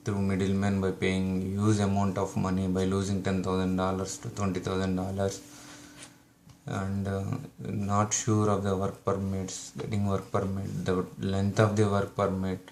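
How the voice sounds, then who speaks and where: A man's voice: sits low, completely flat delivery, measured pace, darkish tone, slight background noise. A man from India with an Indian English accent, giving advice to his viewers in a hesitant way with many fillers and restarts. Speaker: YouTube channel host. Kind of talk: casual advice talk to camera.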